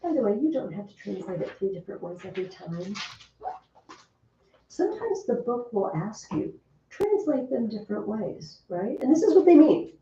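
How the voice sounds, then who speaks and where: Woman teacher, animated and mellow-toned, heard from a distance in a dull, roomy classroom recording. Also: mid-range voice, normal speed, a little hiss or hum. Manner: lively, chatty teacher asking the class questions. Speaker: Latin teacher. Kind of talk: classroom lesson.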